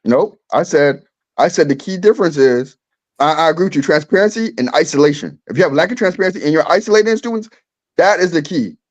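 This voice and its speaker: Fast, insistent man on a dull line. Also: fairly high pitch, animated, dry recording. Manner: insistent, repeats his points. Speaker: podcast panelist. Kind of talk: heated casual debate. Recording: dull, lo-fi and dry.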